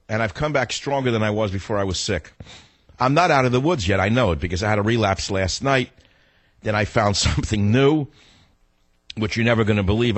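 A man hosting a talk radio show in a combative, ranting monologue, his voice rough from being sick and jumping high when he gets riled. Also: a bit bright, no echo.

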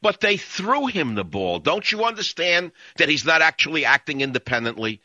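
A man's voice: a little high, big pitch swings, normal speed, hardly any pauses, pushed and bright, no echo. A man hosting a talk radio show, ranting and sarcastic as he cuts in on callers. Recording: dull lo-fi broadcast audio.

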